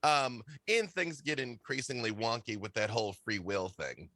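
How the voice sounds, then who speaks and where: Very bright-voiced man chatting casually. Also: mid-range voice, normal speed, no room sound. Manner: relaxed, many fillers, playful asides. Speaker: guest. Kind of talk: casual livestream chat.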